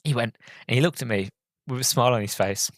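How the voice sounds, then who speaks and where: A male podcast host telling a fan story in a loose, rambling way, halting on ums and restarting his sentences. His pitch sits in the middle, and his voice is earnest and openly emotional, recorded dry with no room echo. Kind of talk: casual storytelling review.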